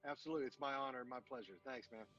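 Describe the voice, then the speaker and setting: A man's voice: medium pitch, fairly even intonation, very fast, a bit bright, dull audio. A man who served in the military, talking earnestly in an interview with many fillers and restarts. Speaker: veteran guest. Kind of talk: casual interview talk.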